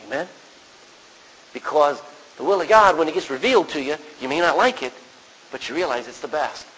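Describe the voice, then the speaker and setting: Guy preaching a sermon, kinda husky, talks to the people and quotes scripture, big echoey hall. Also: high-pitched, fairly bright tone. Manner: conversational preaching, quoting scripture, asking the congregation questions. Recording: long reverb of a large hall.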